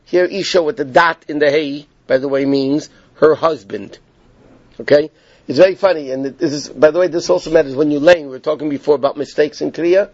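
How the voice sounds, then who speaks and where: This Torah teacher's voice is a little high and somewhat dark in tone, and he talks a bit fast. He explains a text in steps, repeats himself, and keeps checking in with students by asking "okay?", all captured on a dull, lo-fi, dry recording.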